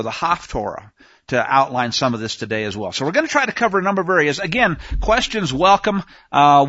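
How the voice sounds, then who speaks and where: A man's voice: on the high side, pushed and bright. A man teaching scripture in a conversational way, asking rhetorical questions and often restarting his sentences. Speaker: Bible teacher. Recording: dull lo-fi recording.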